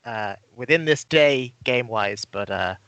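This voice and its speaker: A man's voice: medium pitch, expressive, measured pace, a bit bright, smooth, highs cut off. A man playing a tabletop game, talking casually and chattily about his character's abilities. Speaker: player.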